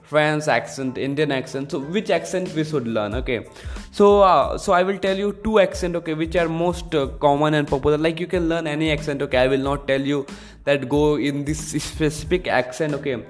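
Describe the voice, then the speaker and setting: A man's voice: on the high side, moderate pace, soft background music. A man hosting his own solo podcast, explaining in an earnest, repetitive way. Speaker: podcast host.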